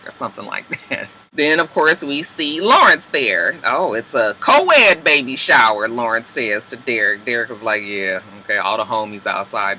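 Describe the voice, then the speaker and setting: A man giving a casual, profane TV episode recap, acting out the characters' lines in quick asides. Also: on the high side, sharp tone, slight background noise. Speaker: TV recap reviewer.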